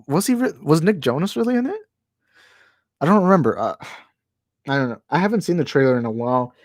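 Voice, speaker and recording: A man's voice: fairly high pitch, animated, fast, no room sound. A man hosting a casual live-stream chat at home into a handheld microphone. He rambles, stumbles over words, restarts often and keeps apologizing for his opinions. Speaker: channel host. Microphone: handheld microphone moved closer while talking.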